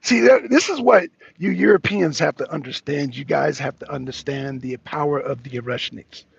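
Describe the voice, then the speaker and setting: A man's voice: a little high, normal speed, gravelly, husky, no room sound. A man hosting a talk show in a casual live debate, mocking his guest and repeating himself for emphasis, heard over dull lo-fi stream audio.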